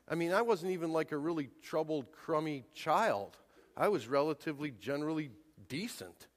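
A man in his forties delivers a sermon in a high voice. He talks emphatically and leans hard on his key points. The sound carries a long reverb, as in a church hall. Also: expressive, moderate pace. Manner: emphatic, rising to near-shouts on key points. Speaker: pastor.

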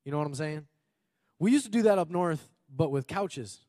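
Preaching an earnest sermon, a man from Minnesota, USA, uses a fairly high, mellow voice with lively intonation at a moderate pace. He repeats phrases for emphasis and laughs now and then. The studio-quality recording has no room sound.

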